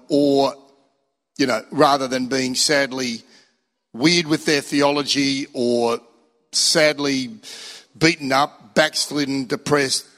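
An older man preaching a sermon as pastor, animated, acting out inner voices and a song leader. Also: fairly high pitch. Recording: long hall reverb.

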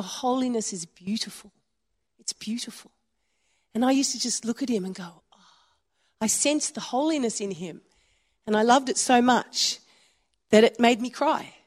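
A woman in her fifties with an Australian accent, preaching a sermon in a chatty storytelling way with frequent chuckles. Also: a little high. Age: 50s. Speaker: pastor. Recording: long hall reverb.

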